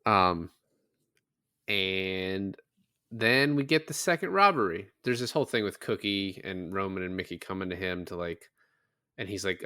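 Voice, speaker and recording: Low, smooth-voiced man recapping a film. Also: animated, measured pace, sharp tone, no room sound, studio quality. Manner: loose, swears freely, acts out quotes from the film. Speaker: podcast co-host. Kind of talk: casual film recap chat.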